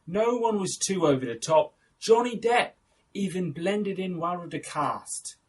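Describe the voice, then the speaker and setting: A man's voice: sits high, expressive, measured pace, slight background noise. A young man hosting a casual film review, chatty and enthusiastic, correcting himself as he goes.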